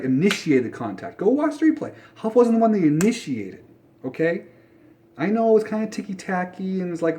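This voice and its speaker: A young man ranting bluntly about football in a casual vlog, swearing often and jumping between mutters and loud outbursts. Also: on the high side. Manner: blunt, profane, animated ranting. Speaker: sports fan vlogger.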